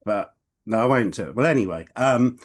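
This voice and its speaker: A man's voice: medium pitch, animated, fairly quick. Man telling a rambling anecdote. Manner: rambling storyteller, hesitant restarts. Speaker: podcast co-host. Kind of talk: casual chat, anecdote.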